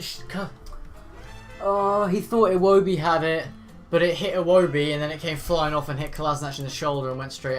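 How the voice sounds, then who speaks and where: A man giving live reaction commentary as a football fan, calling the play and bursting into shouts at the players. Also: a little high. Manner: play-by-play narration mixed with rants.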